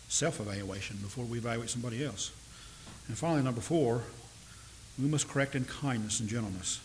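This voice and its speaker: Earnest male preacher, measured delivery. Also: medium pitch, rough recording. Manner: measured, earnest, with slow emphatic stresses. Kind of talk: sermon. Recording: faint hiss.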